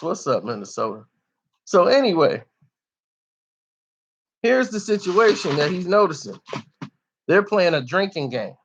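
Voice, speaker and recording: A man's voice: on the high side, a bit bright, dull audio. A man telling a story in casual street slang, loose and chatty, often tossing in "you know".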